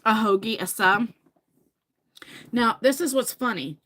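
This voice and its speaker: A woman in her forties hosts a livestream, speaking in a slightly high, unhurried voice with a bright, forceful tone. Her New Jersey accent comes through as she rambles casually to viewers, occasionally laughing and swearing.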